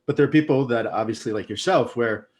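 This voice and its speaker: Man, podcast host, casual interview, encouraging replies, mid pitch. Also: quick pace, a little mellow. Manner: supportive listener with short encouraging replies.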